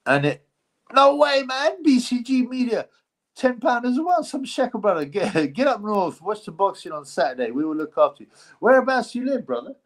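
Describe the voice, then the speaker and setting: A man's voice: very high voice, big pitch swings, normal speed. Rambling man streaming live. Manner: rambling, slangy, swears freely, lots of fillers. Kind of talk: casual live-stream chat reading donations.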